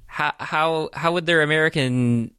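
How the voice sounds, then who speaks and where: A man on a podcast recaps a movie plot in a bright, sharp voice, pausing often on his fillers. The sound is dry and close, with no room around it. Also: a little high, clean tone, dry recording. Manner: hesitant, many uh fillers. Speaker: podcast co-host. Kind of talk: casual podcast chat, recapping a film.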